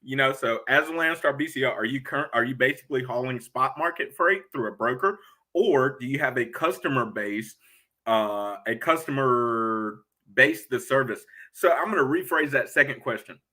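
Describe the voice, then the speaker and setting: A man's voice: medium pitch, normal speed. A man who drives a truck, hosting a casual live chat and telling stories with a laugh. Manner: animated storyteller, laughs often. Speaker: host of a live stream.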